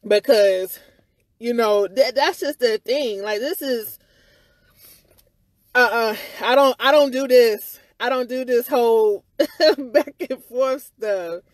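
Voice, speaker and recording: A woman's voice: on the high side, slow pace, no echo, clean studio sound. A woman giving her side of a viral incident in a candid, rambling livestream-style rant, with lots of "you know" and "or whatever" and some swearing. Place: outdoors outside her house.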